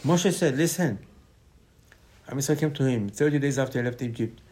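A man's voice: medium pitch, brisk, darkish tone. A man, a rabbi, preaching a Torah sermon with passion, repeating phrases and acting out quoted dialogue. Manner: impassioned, repetitive, acts out quoted dialogue.

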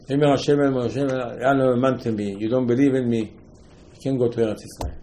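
A man's voice: medium pitch, quick pace, warm tone, slight background noise, poor audio. A man, an English speaker, teaching a Torah lesson as a story, with rhetorical questions and voices for the figures he quotes.

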